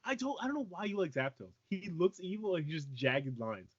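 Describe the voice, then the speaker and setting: A man's voice: on the high side, sing-song, fairly quick, husky, muffled recording. Teasing man co-hosting a podcast. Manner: teasing, exclaims, swears casually. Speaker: podcast co-host. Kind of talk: casual chat.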